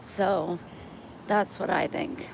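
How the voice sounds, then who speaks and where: Her fairly low, gravelly voice stays fairly even as she takes things slowly, rambling to livestream viewers while walking outdoors with her phone. She gets sidetracked easily, and the recording picks up street ambience and passing vehicles.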